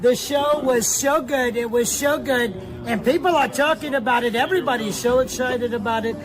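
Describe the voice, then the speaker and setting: A man putting on a high, gushing braggart. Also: moderate pace, poor audio. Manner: exaggerated breathless bragging. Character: gushing boastful man bragging about a show. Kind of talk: stand-up impression.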